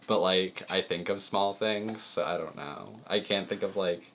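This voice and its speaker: A man's voice: low voice, fairly even intonation, moderate pace, a bit bright, a little hiss or hum. A young man chatting casually with his girlfriend on camera, laughing often and hedging with lots of fillers. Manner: giggly, hesitant, lots of fillers. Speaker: boyfriend, guest. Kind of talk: casual chat.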